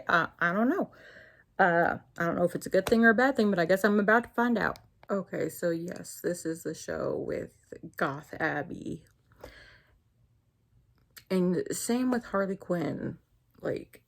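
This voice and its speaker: A woman's voice: lowish voice, creaky. A young woman with a New Jersey accent, chatting casually and rambling as she reviews shows on her vlog. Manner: rambling, chatty, self-interrupting. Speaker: YouTuber.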